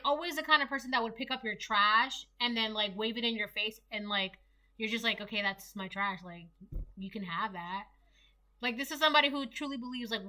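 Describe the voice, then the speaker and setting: A young woman talks through a tarot reading in a loose, rambling way, full of fillers and restarts. Her voice is bright and clear and sits a little high. She sounds like a casual solo reader chatting to her viewers.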